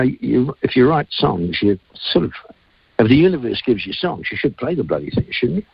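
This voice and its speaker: A man's voice: fairly low pitch, big pitch swings, brisk, vocal fry, slightly rough, no room sound, lo-fi sound. A man, a singer-songwriter telling rambling, earthy stories in a casual radio interview.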